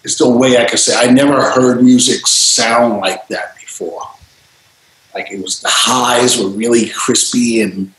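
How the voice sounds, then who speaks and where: Echoey, animated man telling stories. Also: medium pitch, unhurried. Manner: animated, acts out voices in his stories, swears freely. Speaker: interview guest, DJ and producer. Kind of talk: casual storytelling interview.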